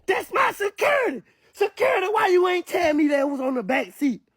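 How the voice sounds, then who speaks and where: A man voicing a panicked man who shouts shrilly and blames his bodyguard. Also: extremely high pitch, expressive, fairly quick, no room sound, studio quality, pitched above the performer's own voice.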